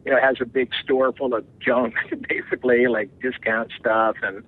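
A man's voice: medium pitch, level tone, moderate pace. Man talking over a tinny phone line. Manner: rambling, fills with "you know". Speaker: interview guest. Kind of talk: casual phone interview.

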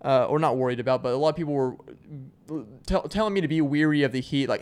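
A man's voice: a little high, lively intonation, fast talker, clear, resonant tone. A young man from Arkansas, hosting his podcast in a loose, joking ramble full of fillers and restarts. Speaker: podcast host. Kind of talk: casual solo chat.

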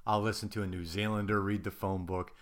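A man's voice: fairly low pitch, level tone. American man telling stories. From United States. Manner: self-deprecating storyteller, quick asides. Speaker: podcast guest. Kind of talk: casual chat.

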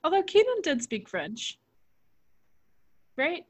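A woman's voice: sits high, big pitch swings, takes it slowly. A woman co-hosting a podcast, chatting casually with dry, teasing banter. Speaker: podcast co-host. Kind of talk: casual chat.

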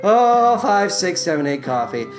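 A man voicing a frantic, stoned teenage male coffee-shop clerk in a comedic fake radio ad, shrill and rambling. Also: sing-song, measured pace, music in the background. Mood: panicking.

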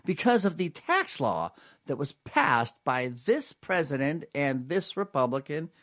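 A man's voice: a little high, very animated, measured pace, a bit bright. A man hosting an opinionated political commentary show, talking in an emphatic, sarcastic way.

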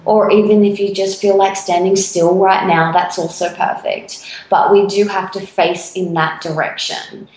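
A woman of middle pitch chats on a podcast with animated energy, acting out her reactions as she tells a story. Her voice carries the ring of an echoey room. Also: moderate pace, few pauses. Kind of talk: casual podcast chat.

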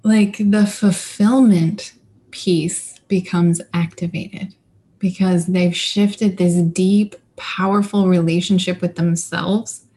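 A woman's voice: on the low side, steady tone, slow pace, mellow. A woman leadership coach talking in a casual interview, enthusiastic and emphatic, stringing words together in bursts.

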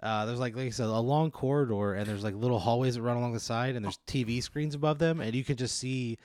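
A man's voice: medium pitch, fast talker, darkish tone. A man improvising a comic hypothetical scenario in a casual, rambling way, full of "like" and "uh". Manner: rambling, many "like" and "uh" fillers. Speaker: comedy sketch host posing a hypothetical.

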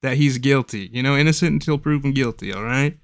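A man hosting a casual comedy podcast, playful and quick to laugh. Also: mid-range voice, dry recording, studio quality. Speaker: podcast host running a game. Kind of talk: casual chat.

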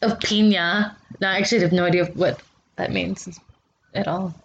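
A woman's voice: on the low side, steady tone, normal speed, gravelly. A woman in casual chat, tasting advent-calendar liqueurs and talking in a squeamish, chatty way full of "like" and restarts. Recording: slightly dull, faint hiss.

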